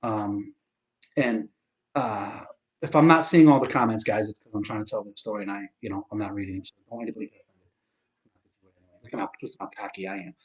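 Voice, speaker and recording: A man's voice: fairly low pitch, brisk, pauses often, muffled recording. Rambling, profane man in his forties. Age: 40s. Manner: rambling and profane, with restarts and self-deprecating asides. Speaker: host of a live stream. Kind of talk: casual live-stream storytelling.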